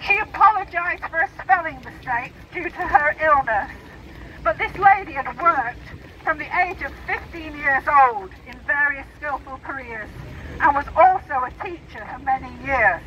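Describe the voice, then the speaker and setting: A woman's voice: high voice, expressive, pushed and bright, highs cut off. Earnest woman speaking at a noisy rally. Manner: earnest, emotional, deliberate. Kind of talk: public speech, reading statements aloud. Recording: noisy outdoor recording.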